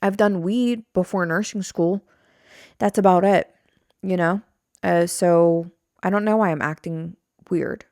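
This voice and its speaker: A woman's voice: on the low side, measured pace, a little mellow, dry recording, clean studio sound. A young woman hosting a solo podcast, rambling casually and self-deprecating, swearing now and then. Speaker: podcast host. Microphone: studio mic on a stand.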